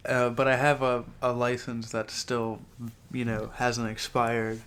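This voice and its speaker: Male co-host, relaxed casual chat, smooth and even tone. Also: medium pitch, unhurried. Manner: laid-back, chimes in with short remarks. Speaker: podcast co-host.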